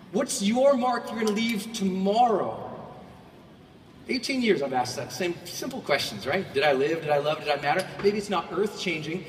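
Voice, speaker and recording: A man giving a motivational keynote to a large audience. He swings between quiet reflection and shouted bursts, and he acts out quoted voices. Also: on the high side, slight background noise. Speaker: motivational speaker. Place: large hall. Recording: echoey hall from far off.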